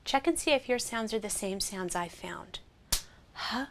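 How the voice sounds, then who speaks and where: A woman teaching a phonics lesson, sounding out vowels slowly and clearly and praising the listener. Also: mid-range voice, expressive, background noise. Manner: slow, clear, encouraging, sounds out each vowel.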